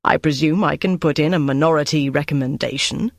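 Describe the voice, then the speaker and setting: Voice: medium pitch, brisk, vocal fry, no room sound, close to an everyday voice. An audiobook narrator voicing a stubborn, patient male committee member in a close, dry recording.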